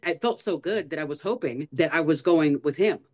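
A woman recounts a deeply personal testimony to a podcast host. She tells it earnestly, with lively, animated retelling and the odd laugh along the way. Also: brisk. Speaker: guest.

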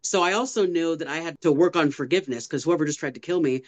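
A woman recounts a deeply personal testimony to a podcast host. She tells it earnestly, with lively, animated retelling and the odd laugh along the way. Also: fast talker. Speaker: guest.

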